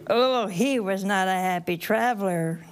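A woman's voice: medium pitch, a little slow. A woman preaching a storytelling sermon to a live audience, chatty and folksy, laughing at her own asides and acting out the characters.

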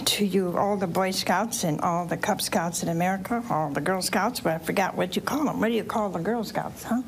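A woman's voice: lowish voice, fairly quick, slight background noise. A woman preacher, telling a Bible story in church and asking the listeners questions. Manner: animated, asks the audience questions, acts out voices. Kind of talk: storytelling sermon to children and families.

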